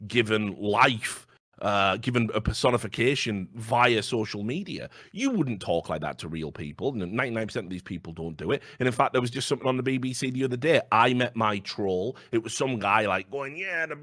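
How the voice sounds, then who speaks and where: A man's voice: fairly low pitch, lively intonation, brisk, a bit bright, no room sound, clean studio sound. A man in casual chat, blunt and sweary, telling stories with animation.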